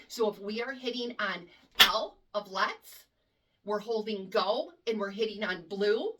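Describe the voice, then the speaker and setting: Woman, cheer coach, emphatic instruction, mid pitch, slightly distant mic. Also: background noise. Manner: emphatic, demonstrates chants loudly.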